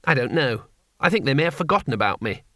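A man's voice: mid-range voice, big pitch swings, fast, bright, forceful tone, no echo, studio quality. A man voicing a timid, mild-mannered male tourist who talks in an earnest, apologetic way. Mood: fretful.

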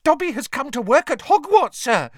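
A man reading an audiobook, voicing an excitable male house elf who squeals and keeps saying sir. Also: moderate pace, no room sound, studio quality. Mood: excited. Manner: squealing, shrill and excited, calls everyone sir. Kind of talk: audiobook character voice.

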